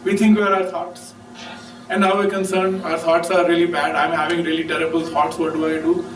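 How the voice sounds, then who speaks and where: A man gives a loose, conversational talk on meditation and keeps checking in with his listeners. His voice sits fairly high. It echoes through a roomy space from a distant mic, with faint music behind. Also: flat delivery, brisk, a little hiss or hum. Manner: casual, keeps asking "right?". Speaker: speaker.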